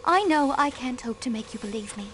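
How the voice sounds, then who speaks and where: A woman's voice: a little high, animated, a little fast, a bit bright, slight background noise. A woman voicing a proud, secretive countess with an American accent in a mystery game. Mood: defiant. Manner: guarded, breaking into anguished grief. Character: secretive grieving noblewoman, high-strung and proud. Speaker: countess under questioning. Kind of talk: video game voice acting.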